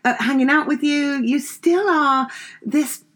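Woman asking questions, friendly and chatty, bit high-pitched. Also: unhurried, fairly bright tone. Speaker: interviewer. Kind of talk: casual interview chat.

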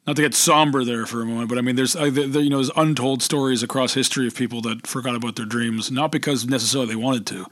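A man's voice: mid-range voice, fairly bright tone, no echo, clean studio sound. A man, a voice actor and storyteller, talking reflectively in a casual interview, rambling and restarting his thoughts. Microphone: close podcast microphone.

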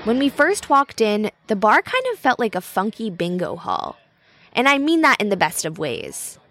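A woman's voice: medium pitch, wildly swooping pitch, normal speed, a bit bright. A woman narrating a podcast episode in a conversational, scripted storytelling style.

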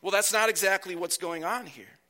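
A man preaching a sermon as pastor, speaking slowly and deliberately and letting phrases fall soft at their ends. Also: high-pitched.

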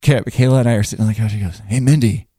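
A man's voice: on the low side, fairly even intonation, rapid-fire, mellow, dry recording, studio quality. A man telling a funny story in casual podcast chat, rambling with lots of fillers. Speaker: guest storyteller.

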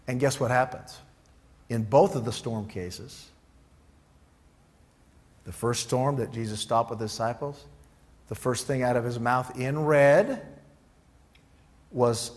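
A man's voice: a little high, lively intonation, normal speed. Casual, joking middle-aged preacher man. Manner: informal and joking, acts out prayers and Bible quotes in character. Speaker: pastor. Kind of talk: conversational sermon.

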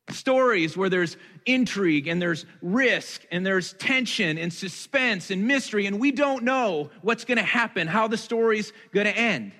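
A man's voice: high voice, pushed and bright, big-room sound. A man in his thirties preaching a sermon in a conversational way, asking his listeners questions and making light of himself. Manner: conversational, with rhetorical questions and self-deprecating asides. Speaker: pastor.

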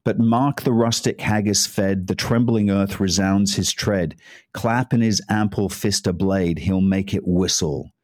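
A man hosting, chatting casually before reading a poem aloud in plain English at a measured pace. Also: sits low, darkish tone, no room sound, studio quality. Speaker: host.

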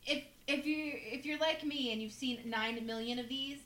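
A woman's voice: high voice, moderate pace, a bit bright, echoey room, poor audio. A woman in casual chat about a TV episode, chiming in with remarks about the plot. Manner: chimes in with short remarks and laughter.

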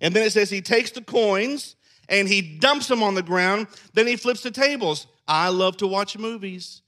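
Bright, high-voiced pastor. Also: male voice, normal speed. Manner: animated, acts out scenes in character voices. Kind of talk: sermon.

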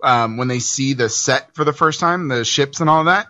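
Man, very bright voice, enthusiastic, laughs easily, casual chat. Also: mid-range voice, moderate pace, lo-fi sound.

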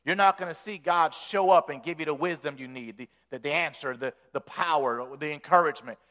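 A male pastor delivers a folksy, animated sermon, often repeating words as he builds momentum. His voice sits somewhat high for a man and rises in force at each climax. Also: a little fast.

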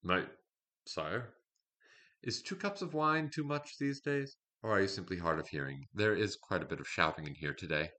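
A man reading the part of a wry, commanding male king who asks calm, dry, probing questions. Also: sits low, normal speed. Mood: teasing. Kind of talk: fiction reading.

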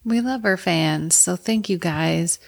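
A woman co-hosting a podcast in casual chat, supportive, with short reactions and quick asides. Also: fairly low pitch, vocal fry. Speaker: podcast co-host.

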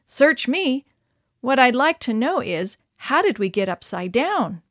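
A woman's voice: sits high, sing-song, measured pace, fairly bright tone, no room sound, clean studio sound, heavily acted. A woman reading aloud, voicing a frank, plucky young girl. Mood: puzzled.

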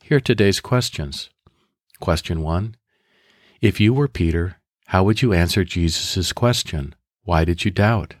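A man with a deep, low voice leads listeners through prayer and a guided scripture meditation. He speaks in measured, deliberate steps. The recording is close and dry, with no room sound. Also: no room sound. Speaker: podcast host leading guided prayer.

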